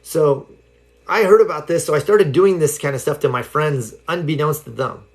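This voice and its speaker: A man's voice: fairly high pitch, normal speed. Rambling man telling stories on a livestream. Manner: rambling storytelling with many fillers. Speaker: self-help speaker. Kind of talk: casual livestream talk. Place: home livestream.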